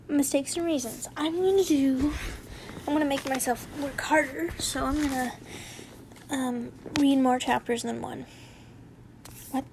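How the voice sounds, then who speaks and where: A woman's voice: high-pitched, a little slow, long pauses, noisy background. A young woman casually reading fanfiction aloud, chatty and laughing as she comments on the story. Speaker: fanfiction reader.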